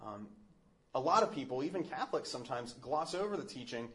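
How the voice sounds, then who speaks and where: A man's voice: mid-range voice, big pitch swings, fairly quick, a bit bright. Earnest man giving a faith talk. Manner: thoughtful, earnest, with frequent fillers and restarts. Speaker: Catholic speaker. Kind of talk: casual teaching talk.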